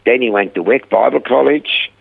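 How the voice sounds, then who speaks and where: A man, telling stories in an animated way as the guest of an interview about his rehab ministry. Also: medium pitch, moderate pace, vocal fry. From Australia. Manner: animated storyteller, acting out quoted dialogue. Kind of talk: storytelling interview. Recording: narrow phone-like radio audio.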